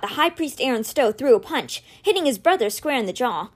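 A woman reading a novel aloud with expressive, animated storytelling. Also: high-pitched, fairly quick. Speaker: audiobook reader.

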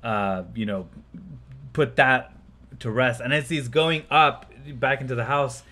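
A man's voice: mid-range voice, measured pace, sharp tone. A man co-hosting a podcast, casually retelling a film scene by scene and laughing often. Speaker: podcast co-host. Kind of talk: casual chat recapping a film.

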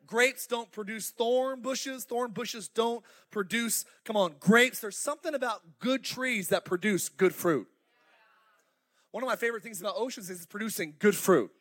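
A middle-aged male pastor preaching a fiery, animated sermon in a church auditorium, calling out to the congregation. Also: sits high, moderate pace. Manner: fiery, animated preaching with crowd call-outs.

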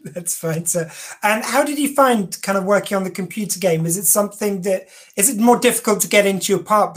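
A woman hosting an interview, asking long, friendly questions in a casual tone. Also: mid-range voice. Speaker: interview host.

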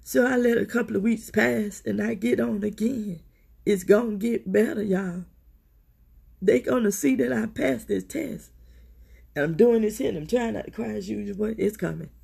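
A woman's voice: medium pitch, normal speed, creaky, dark tone, breathy edge. A middle-aged woman hosting a podcast, talking candidly and emotionally about her own struggles, swearing freely and often turning to her listeners. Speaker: podcast host. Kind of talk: personal confessional talk.

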